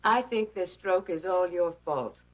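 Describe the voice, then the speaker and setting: An actress playing a stern wife who speaks in a cold, measured way in an 1980s TV soap. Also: female voice, lowish voice, lightly acted, rough recording. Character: stern woman, protective wife.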